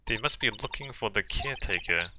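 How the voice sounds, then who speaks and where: A man's voice: on the low side, lively intonation, brisk, noisy background, lightly acted. A man reading a weary young male lawyer.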